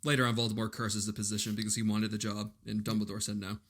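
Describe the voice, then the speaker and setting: Bright-voiced man recapping a film plot. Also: on the low side, level tone, quick pace. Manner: recaps plot, laid-back, profane. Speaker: podcast co-host. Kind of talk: casual chat.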